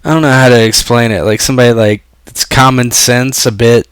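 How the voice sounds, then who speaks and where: A man's voice: mid-range voice, fairly even intonation, fairly quick, clear, resonant tone, no room sound. A man who plays tabletop games, talking hesitantly in casual podcast chat and trailing off. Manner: hesitant, trails off, many fillers. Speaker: tabletop game player.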